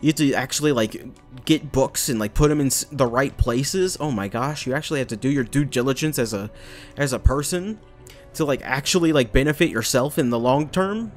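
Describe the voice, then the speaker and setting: A man's voice: mid-range voice, brisk, faint music behind. A man doing casual let's-play commentary, sarcastic and rambling, with playful swearing. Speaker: gaming YouTuber.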